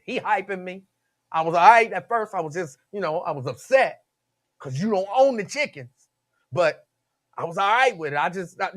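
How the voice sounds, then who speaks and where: A man hosting a talk radio show, telling stories in an animated, slangy way. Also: high-pitched, moderate pace.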